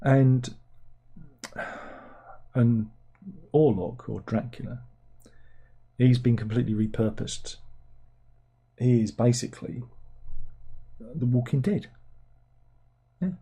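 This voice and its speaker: A man's voice: medium pitch, slow pace, pauses often, mellow, husky, dull audio. A man hosting a casual livestream, ranting sarcastically and rambling about films. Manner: sarcastic, rambling, mocks with put-on plummy voices. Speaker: livestream host. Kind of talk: casual film rant.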